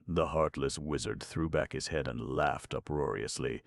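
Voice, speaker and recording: A man narrating an audiobook with steady storytelling. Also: rumbling low, a little slow, vocal fry, few pauses, no room sound, clean studio sound. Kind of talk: scripted narration.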